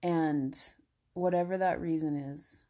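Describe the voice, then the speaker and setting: A woman hosting a casual self-help podcast, talking in a gentle, encouraging way with many fillers and slipping at times into soothing guided relaxation. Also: low voice, fairly even intonation, slow pace. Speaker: podcast host.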